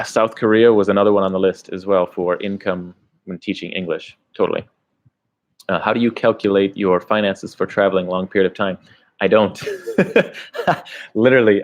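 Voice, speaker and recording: Low-voiced American man chatting casually. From United States. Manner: rambling, chatty, restarts, laughs between thoughts. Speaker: travel vlogger. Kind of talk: casual livestream chat reading comments.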